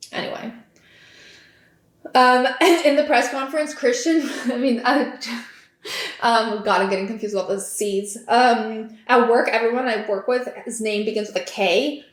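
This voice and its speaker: A young woman hosting a podcast in casual chat, giggling and talking in a loose stream of fillers and "like". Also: fairly high pitch. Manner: chatty, giggly, lots of fillers and likes. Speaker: podcast host. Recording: echoey room.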